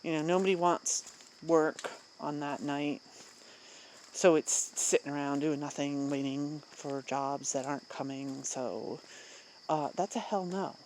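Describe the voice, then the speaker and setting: An adult vlogger venting casually to the camera, rambling with many fillers, restarts and short laughs, getting louder and more emphatic when indignant. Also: mid-range voice, fairly even intonation, measured pace, slight background noise. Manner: rambling and candid, many fillers and self-interruptions, frequent laughs. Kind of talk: casual personal vent to camera.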